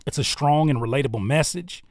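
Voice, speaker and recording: A man's voice: a little high, fairly quick, darkish tone, no echo, studio quality. Laid-back man giving casual music critique. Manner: laid-back, conversational, slangy, thinks aloud with restarts. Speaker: host reviewing viewer music on a livestream.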